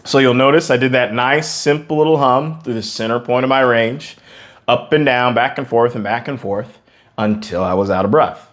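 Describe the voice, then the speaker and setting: A man's voice: medium pitch, moderate pace, fairly bright tone. A man teaching singers as a vocal coach, talking emphatically, repeating words for stress and breaking into short sung demonstrations. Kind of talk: singing lesson to camera.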